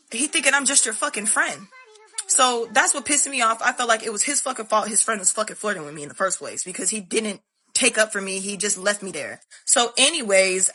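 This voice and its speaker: A woman's voice: fairly high pitch, pushed and bright, slightly rough. A young woman telling a candid, profane storytime monologue to her viewers. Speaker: vlogger.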